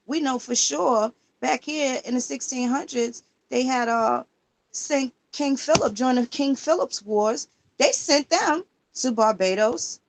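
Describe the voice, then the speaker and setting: A woman livestreaming in casual talk, emphatic and profane, firing rhetorical questions while she searches records online. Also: a little high. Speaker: livestream host.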